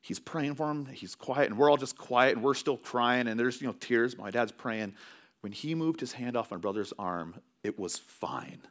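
A male pastor delivering a sermon in a relaxed, story-driven, conversational manner. His pitch moves a lot, climbing and dipping as he talks, in a middle register for a man. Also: normal speed. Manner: conversational storytelling with animated swings.

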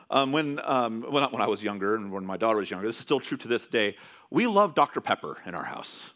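A man's voice: medium pitch, very animated, fast, pushed and bright. A man from California preaching a sermon as pastor, telling stories in a loose, conversational way with many restarts.

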